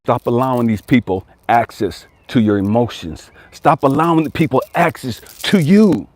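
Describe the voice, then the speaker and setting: A man's voice: mid-range voice, expressive, normal speed, no room sound. A man coaching viewers in a blunt, profane motivational rant, now and then mimicking whiny complainers. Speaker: life coach.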